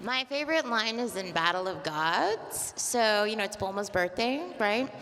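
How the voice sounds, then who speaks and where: A woman who voices cartoon characters, telling a story in an animated way on a convention panel. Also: mid-range voice, normal speed. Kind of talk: casual panel chat. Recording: echoey hall, faint noise.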